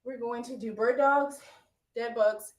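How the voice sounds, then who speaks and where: A woman's voice: on the high side, steady tone, a little slow. A woman fitness instructor coaching a live workout, upbeat and out of breath, cheering and counting down. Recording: echoey room from far off.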